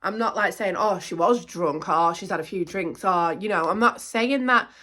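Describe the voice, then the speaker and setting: A middle-aged woman, talking casually to camera as a vlogger, animated and indignant, repeating herself. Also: medium pitch, normal speed.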